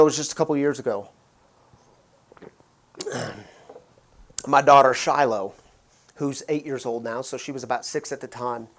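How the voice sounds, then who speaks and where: A man in his thirties preaching a sermon, telling a family story in a chatty way and asking the listeners questions. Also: medium pitch. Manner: conversational, asks the listeners questions. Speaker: pastor.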